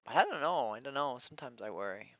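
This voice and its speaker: A man's voice: mid-range voice, expressive, quick pace, fairly bright tone, dry recording, lo-fi sound. A man streaming alone, upset and weary, venting his frustration in a despondent monologue that swears and trails off into mutters.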